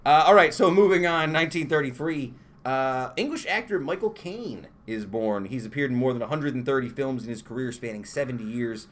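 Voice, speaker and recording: A man's voice: mid-range voice, expressive, a little fast. A man co-hosting a podcast, reading out history trivia in a chatty, joking way, with an Upstate New York accent. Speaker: podcast co-host. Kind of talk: casual podcast chat.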